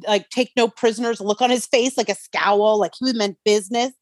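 A woman's voice: medium pitch, fairly quick, dry recording. Chatty woman with a dry, close sound. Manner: animated, acts out quotes from the show. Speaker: podcast co-host. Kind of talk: casual chat recapping a TV episode.

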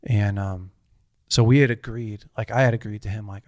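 A man's voice: fairly low pitch, fairly even intonation, normal speed, dry recording, studio quality. A man in his thirties telling a personal story in casual conversation, earnest and rambling, with frequent restarts.

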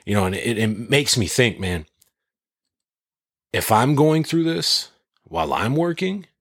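A man in casual conversation, telling stories in an animated, profane way. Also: medium pitch, unhurried, dry recording, studio quality. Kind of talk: casual chat.

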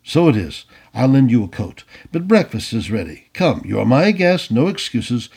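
A man voicing a blustering, excitable older Tory planter in an audiobook reading. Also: medium pitch, moderate pace, gravelly, breathy edge, heavily acted. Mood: hearty. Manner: excitable, hearty, stammering when flustered.

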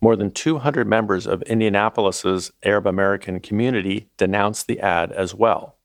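A man narrating a documentary as its host, in a measured, scripted delivery. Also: fairly low pitch, dry recording, studio quality.

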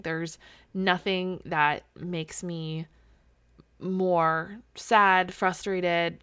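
A woman's voice: on the low side, a bit bright, dry recording. A woman in her thirties hosting a solo podcast, talking candidly and openly, with casual swearing. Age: 30s. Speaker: podcast host. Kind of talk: solo personal podcast talk.

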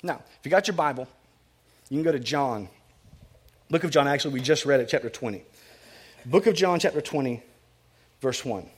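A man's voice: medium pitch, expressive, normal speed, long pauses, husky. A man preaching a sermon to his congregation in a conversational way, with asides, jokes and frequent restarts. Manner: conversational, self-correcting and repetitive, with asides and humor. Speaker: pastor.

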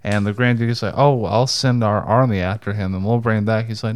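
A man co-hosting a podcast, chatting about a film he watched. His voice sits on the lower side, and the recording is dry and close. He retells scenes in a relaxed, wry way. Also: a little fast, clean tone, dry recording. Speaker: podcast co-host. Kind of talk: casual movie review chat.

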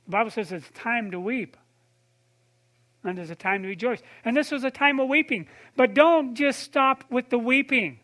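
Guy preaching a sermon, really high voice, bright and forceful, chatty, asks the crowd stuff. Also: normal speed. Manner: conversational preaching, addresses listeners by name, asks questions; drops to a soft low voice for tender points. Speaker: pastor.

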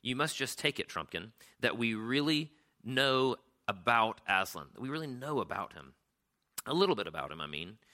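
Male reader plays a responsible eldest brother in a storybook; steady and reassuring. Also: medium pitch, moderate pace.

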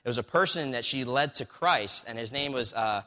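Speaking a little fast in a bright, forceful, mid-range voice, a man tells a story within a sermon. His talk is loose and conversational, full of fillers and restarts, with occasional lines read from a book. A large hall's long reverb surrounds him.

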